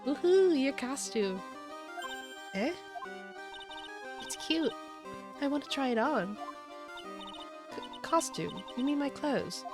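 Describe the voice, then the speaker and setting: A woman voicing an excitable teenage girl spirit medium while reading game dialogue aloud, squealing and childlike. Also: high-pitched, slow, long pauses, music in the background, pitched above the performer's own voice. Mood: delighted.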